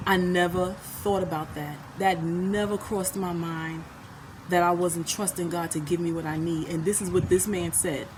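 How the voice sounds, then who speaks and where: A middle-aged woman telling a personal story to her viewers on a phone, chatty and laughing often, sometimes softening into earnest talk, a bit out of breath. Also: lowish voice, steady tone, normal speed. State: out of breath and sweaty. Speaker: vlogger. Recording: traffic noise behind her.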